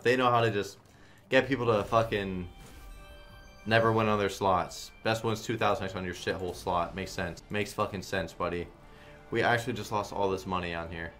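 Man, slot stream commentary, lowish voice, swears a lot, mutters then yells, faint music behind. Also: moderate pace. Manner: swears a lot, shifts between flat muttering and loud outbursts. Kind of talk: casual gambling stream commentary.

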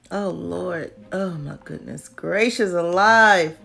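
A woman's voice: on the low side, animated, unhurried, creaky, husky, soft background music. A woman chatting casually through shopping deals, swearing and whispering asides to herself. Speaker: vlogger doing a live deal check-in. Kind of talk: casual chat.

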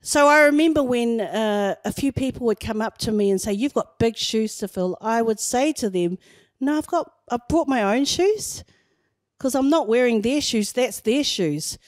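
A woman pastor delivers a sermon, telling personal stories in an easy conversational way. She is middle-aged, and her voice sits slightly high. The sound is close and dry, with almost no room around it. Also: animated, moderate pace, no room sound.

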